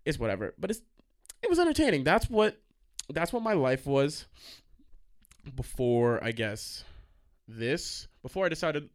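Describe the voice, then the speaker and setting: Excitable, cussing young man rambling. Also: medium pitch, a little fast. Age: young adult. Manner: profane, excitable, jumps off track. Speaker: college radio host. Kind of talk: casual rambling monologue. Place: college radio station studio.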